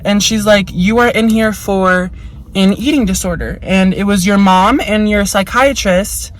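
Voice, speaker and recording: A woman's voice: medium pitch, unhurried, slight background noise, rough recording. A young woman telling a story in a casual vlog. She is chatty and frank, swears a lot, fills her speech with "like", and slips into voices when she quotes people. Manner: chatty and frank, heavy swearing and lots of "like" fillers. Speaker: vlogger.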